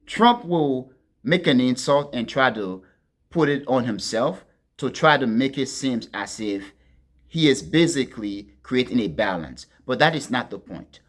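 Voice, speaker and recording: A man hosting a political commentary monologue, talking to his listeners as friends in a deliberate, emphatic way and leaning hard on key words. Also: medium pitch, animated. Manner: deliberate, addresses listeners as friends, stresses words with sharp swings in loudness.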